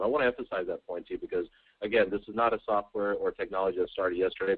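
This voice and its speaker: Low-voiced salesman on a tinny phone line. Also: fairly even intonation, racing, breathy edge. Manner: eager, emphatic, stumbles over repeated words. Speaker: sales presenter. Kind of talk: conference call sales pitch. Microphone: telephone on a conference call.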